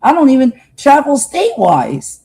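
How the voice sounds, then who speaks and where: A woman's voice: sits high, wildly swooping pitch, normal speed, warm tone, slightly rough, low-quality recording. A woman from the United States hosting a livestream, talking to viewers in an earnest, heartfelt monologue and often repeating herself for emphasis. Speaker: livestream host.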